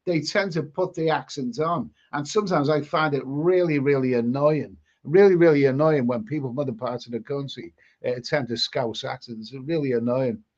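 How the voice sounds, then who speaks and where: A man's voice: mid-range voice, moderate pace, hardly any pauses, darkish tone. A man hosting a casual live stream, reading viewer comments aloud and rambling, often repeating words and restarting his sentences. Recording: dull lo-fi sound.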